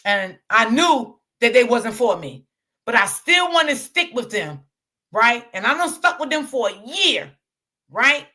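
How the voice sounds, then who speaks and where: A woman's voice: fairly high pitch, very animated, a little slow, pushed and bright. Chatty woman talking to viewers. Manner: chatty, repeats herself, addresses viewers as y'all. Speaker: online channel host. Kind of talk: casual chat to viewers.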